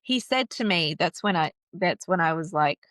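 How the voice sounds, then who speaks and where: A woman recounting a painful personal story in an interview, halting and restarting, with nervous laughs. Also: lowish voice, animated, fairly bright tone, dry recording. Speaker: guest telling her story.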